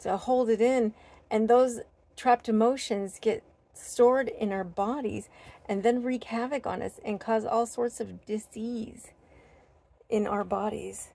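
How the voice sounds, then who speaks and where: A woman vlogger sharing a heartfelt spiritual talk, earnest and gentle, with many fillers and restarts. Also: on the high side, fairly even intonation, takes it slowly, gravelly. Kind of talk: heartfelt personal talk to camera.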